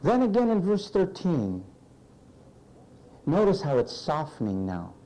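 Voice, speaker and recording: A man's voice: on the high side, a little slow, low-quality recording. A man preaching a sermon, reading scripture aloud and mockingly acting out the complaints of the person in the verses. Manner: animated, sarcastic, acting out quoted complaints.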